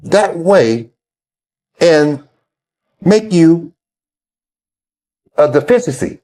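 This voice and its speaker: A man recounts old playing days in a relaxed interview, his voice pitched fairly high. He laughs often and acts out the quotes as he goes. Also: drawn-out words. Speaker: former player telling stories. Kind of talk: casual storytelling interview.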